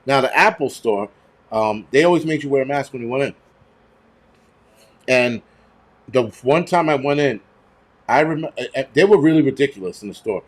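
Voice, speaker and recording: A man's voice: medium pitch, animated, normal speed, long pauses. A man, hosting a prepper channel and telling stories in a heated, profane, rambling rant. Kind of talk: casual ranting monologue.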